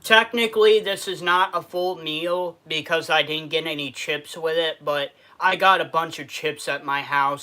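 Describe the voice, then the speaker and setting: Guy with a new york accent on a live stream, bit high voice, sharp and bright, reads out chat and answers, kinda sad inside. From Western New York. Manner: reads viewer comments aloud and answers them. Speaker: streamer reviewing food. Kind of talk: casual livestream chat.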